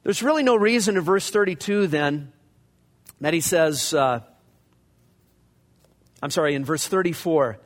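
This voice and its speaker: Preacher with a fairly high voice, echoing hall. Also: male voice, expressive, a little slow, pauses often. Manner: conversational preaching that acts out scripture quotes. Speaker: pastor. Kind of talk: expository sermon. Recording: long reverb of a large hall.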